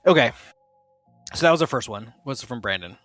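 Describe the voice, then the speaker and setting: A man's voice: mid-range voice, lively intonation, fairly quick, fairly bright tone, no room sound, soft background music. A man hosting a podcast, chatting casually, rambling and correcting himself as he goes. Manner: rambling, self-correcting, laughs often. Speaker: podcast host. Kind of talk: casual chat.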